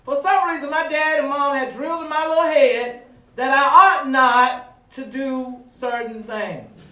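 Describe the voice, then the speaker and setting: A man preaching a sermon with call-and-response, stretching words with dramatic pauses and rising to shouts. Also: extremely high pitch, fairly even intonation, far from the mic. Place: church sanctuary. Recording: echoey room, voice from afar.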